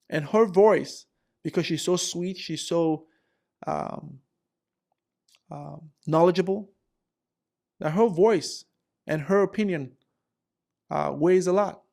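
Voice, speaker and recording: A man's voice: high-pitched, vocal fry, a little mellow. A man in his forties giving workplace advice, telling stories and acting out coworkers with lots of repetition. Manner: repetitive, acts out characters. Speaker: career vlogger. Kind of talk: animated storytelling advice.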